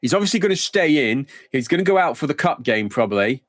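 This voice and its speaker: A man's voice: mid-range voice, big pitch swings, fast talker, dry recording, clean studio sound. A man streaming a football management game live, thinking aloud in a rambling, casual way.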